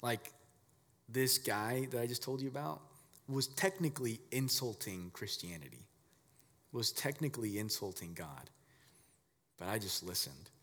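A man giving a casual, conversational sermon as a pastor, telling stories in a relaxed, filler-heavy way. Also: lowish voice, measured pace, long pauses, big-room sound.

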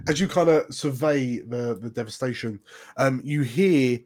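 A man narrates a tabletop game as game master. He speaks slowly, stumbling through fillers and restarts. His voice sits at an ordinary pitch. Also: a little mellow. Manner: hesitant, full of fillers and restarts, chuckling.

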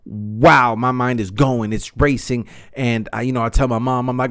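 A man in his thirties hosting a podcast, telling a story in a rambling, animated way and swearing freely. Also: medium pitch, normal speed, hardly any pauses. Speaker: podcast host. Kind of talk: casual storytelling monologue.

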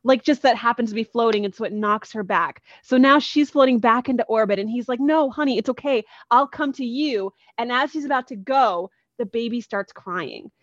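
A woman's voice: on the high side, fairly quick, hardly any pauses, no room sound, highs cut off. A woman on a podcast casually retelling a comic book story with lots of energy, acting out the characters' lines. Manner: animated, acts out characters' lines.

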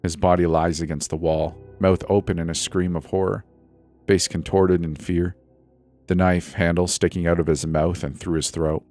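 A man's voice: sits low, flat delivery, normal speed, darkish tone. A man telling a first-person horror story in a tense, breathless, dramatic way. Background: faint music.

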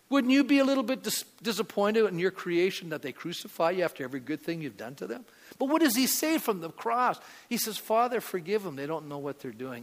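High-voiced pastor preaching in a hall. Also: male voice. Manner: conversational, asks the congregation questions. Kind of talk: sermon.

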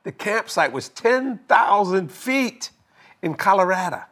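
Older guy, animated storyteller, highish voice that swings up and down a lot, laughs as he goes. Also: measured pace. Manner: animated, laughing storyteller who acts out dialogue. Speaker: guest telling a marriage story. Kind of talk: casual storytelling chat.

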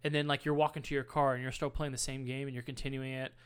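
An American man at an ordinary mid pitch explains things at length in a loose podcast chat. His voice is smooth and clear, and his tone is teasing. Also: flat delivery, fast. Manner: teasing, storytelling. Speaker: podcast co-host. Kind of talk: casual chat.

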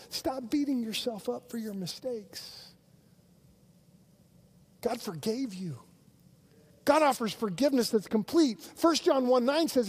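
A man preaching a sermon in a high voice at an unhurried pace. He stumbles over restarts, then swells with earnest intensity as he drives each point home. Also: animated, gravelly, darkish tone, breathy edge. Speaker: pastor.

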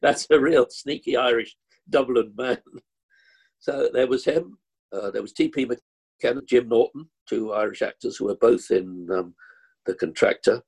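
An older actor from Kilburn in London, telling anecdotes in an interview with animated, acted-out asides. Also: male voice, fairly low pitch, creaky, husky. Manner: animated, acts out the people in his anecdotes. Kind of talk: anecdotal storytelling.

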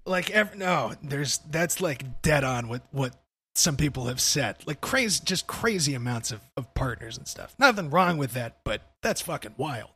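A man's voice: mid-range voice, animated, normal speed, sharp tone, breathy edge. A young man hosting a casual podcast chat, laid-back and swearing freely, often calling his co-host "dude".

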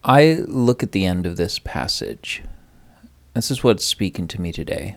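A man's voice: low-pitched, sing-song, measured pace, creaky. A man reading a Bible passage and then talking earnestly about sharing faith with others. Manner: earnest, conversational, reads passage aloud. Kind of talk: Bible study discussion.

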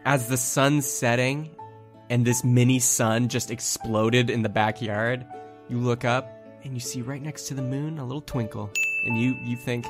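A man narrating as game master of a tabletop game, playful and unhurried, with faint music behind. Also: mid-range voice, fairly even intonation. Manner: slow, playful narration with laughs.

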